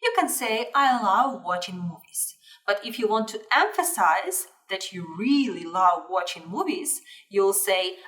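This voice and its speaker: A woman teaching an English grammar lesson, repeating her example sentences slowly and clearly. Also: mid-range voice, lively intonation, a bit bright, far from the mic. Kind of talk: slow, deliberate grammar lesson.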